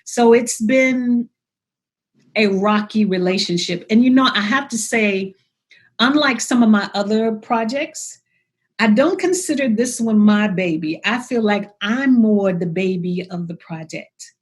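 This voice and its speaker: A woman's voice: mid-range voice, measured pace. A woman poet as an interview guest, talking reflectively and telling stories about her writing, acting out her inner voice as she goes. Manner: storytelling, acts out her inner voice in quotes.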